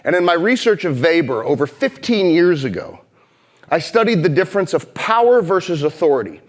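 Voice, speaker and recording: A man in his thirties from St. Louis, delivering a motivational keynote on stage and telling stories with swings from heated and loud to hushed and slow. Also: fairly high pitch, very animated. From St. Louis, Missouri. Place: conference stage before a live audience.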